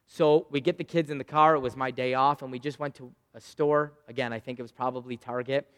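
A man in his thirties preaching a sermon, telling a personal story with loud bursts and quiet asides. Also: medium pitch, fairly even intonation, brisk, clean tone, long reverb tail. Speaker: pastor.

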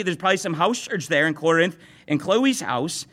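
A man's voice: high voice, sing-song, normal speed, fairly bright tone. A male pastor preaching a sermon to his congregation, talking earnestly and often restarting or repeating words as he speaks. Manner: addresses the congregation directly.

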